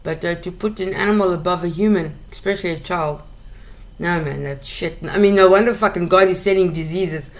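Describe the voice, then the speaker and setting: A woman from South Africa talks briskly in a fairly low voice, hosting a solo talk show that turns into a blunt, casual rant. As she heats up, the swearing piles on and she repeats herself.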